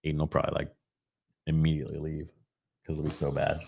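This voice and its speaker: A man's voice: a bass voice, monotone, quick pace, creaky, a little mellow, slightly rough. A man co-hosting a casual live show over drinks, playful and fond of trying out silly regional accents. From Florida. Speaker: podcast co-host.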